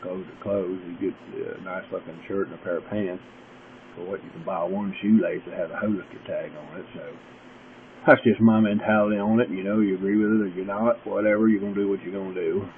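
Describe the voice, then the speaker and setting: A man's voice: deep voice, steady tone, brisk, a crowd in the background. A man with a drawling, gurgly voice, rambling through a folksy, opinionated vlog. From West Virginia. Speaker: vlogger. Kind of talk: casual rambling monologue. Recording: tinny lo-fi webcam audio with faint hiss.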